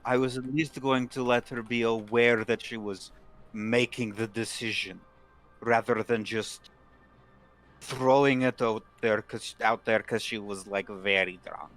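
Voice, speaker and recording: A man's voice: on the low side, steady tone, unhurried, a bit bright, soft background music. A man playing a tabletop game in character, blunt and scolding, with some swearing. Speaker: player. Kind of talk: in-character tabletop role-play.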